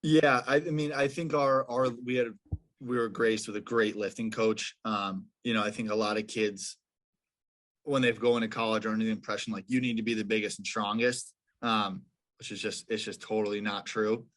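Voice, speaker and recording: A man's voice: fairly low pitch, fairly even intonation, moderate pace, a bit bright. A young man, a professional lacrosse player, telling stories as a guest in a casual podcast interview, with many fillers and restarts.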